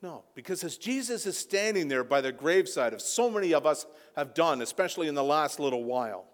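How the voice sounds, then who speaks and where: A man with a high voice preaching a sermon, his delivery swelling into loud, impassioned peaks. His voice rings out with a long reverb, as in a church sanctuary. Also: animated, fairly quick. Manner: impassioned, building to near-shouting peaks. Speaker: pastor.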